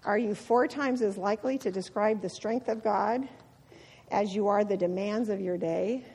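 In a hall with long reverb, a middle-aged woman gives a devotional talk as a women's ministry speaker, her voice husky, mid-range, and at an ordinary pace. She laughs often while telling her personal stories in a lively way.

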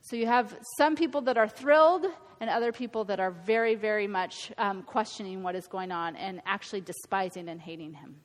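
A woman's voice: medium pitch, brisk, hardly any pauses. A woman giving an earnest, conversational Bible teaching, correcting her own slips. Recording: long hall reverb.

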